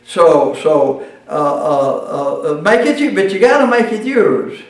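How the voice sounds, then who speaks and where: A man lecturing on preaching in a folksy, halting way, stumbling through fillers and restarts. His voice sits somewhat high and is picked up from a distance. The room rings with heavy echo. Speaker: preaching class teacher.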